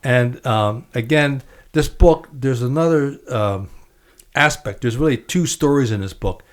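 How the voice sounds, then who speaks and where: A man hosting a podcast interview in a relaxed, chatty way. He laughs easily and reads passages from a book aloud. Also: medium pitch, a little slow. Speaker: podcast host.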